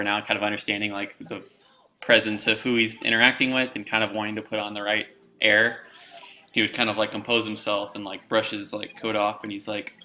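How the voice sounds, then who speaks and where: A man's voice: fairly low pitch, bright, forceful tone. A man casually describing his character's actions as a tabletop game player.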